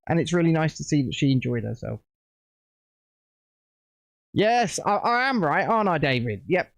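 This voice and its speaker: A man's voice: a little high, dry recording. A British man hosting a casual livestream, chatting and rambling while building a set at home. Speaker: livestream host.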